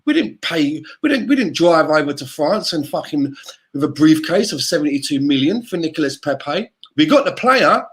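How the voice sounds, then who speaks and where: A man in the middle of a heated, expletive-filled podcast rant, his voice sitting fairly high. He keeps the tone conversational and blunt as he argues his point. It is loose, unscripted chat between friends. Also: big pitch swings, normal speed, fairly bright tone. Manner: heated, sweary ranting. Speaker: podcast co-host.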